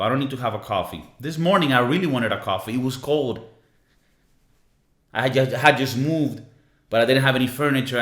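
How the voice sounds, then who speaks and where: A young man rants on a casual podcast, swearing freely and slipping into mocking impressions of the people who annoy him. His voice sits in a middle pitch. The room around him rings with a noticeable echo. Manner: profane, animated venting with mocking impressions. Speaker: podcast co-host. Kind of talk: casual ranting monologue. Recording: echoey room.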